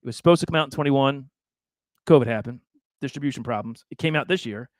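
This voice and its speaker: A man's voice: mid-range voice, fast, dry recording, clean studio sound. A man hosting a casual livestream, talking in a chatty, rambling way with laughs and repeated words. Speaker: livestream host.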